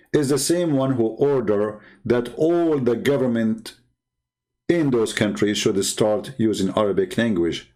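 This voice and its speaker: A man of middle pitch delivers a heated polemical monologue. His tone is mocking and combative, and it climbs into loud, indignant outbursts as he argues. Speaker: religion critic answering viewers.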